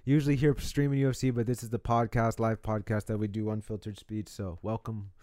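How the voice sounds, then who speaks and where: A man's voice: on the low side, a little fast, no echo, studio quality. A man hosting a live streamed podcast in casual chat, loose and slangy, talking to a microphone. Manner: loose, animated, slangy, swears.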